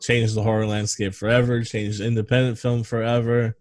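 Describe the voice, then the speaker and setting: A man's voice: lowish voice, little pitch movement, a little fast, a little mellow, dry recording. A man co-hosting a movie podcast, rambling and swearing casually while reading film trivia aloud. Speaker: podcast co-host. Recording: dry close sound over a video call.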